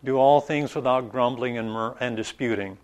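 A man preaching an informal Bible study in a conversational, halting way, with many restarts and asides. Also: medium pitch, slight background noise. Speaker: pastor.

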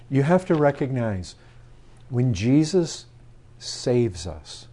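Male preacher, unhurried and emphatic, swinging from hushed to forceful delivery. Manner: emphatic, swings from low murmurs to loud declarations; asks the congregation questions. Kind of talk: sermon.

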